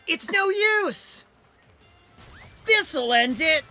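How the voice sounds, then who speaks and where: A woman voicing a young male hedgehog hero from a video game, in a strained, high, drawn-out voice. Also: expressive, sharp tone, faint music behind, heavily acted. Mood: defiant.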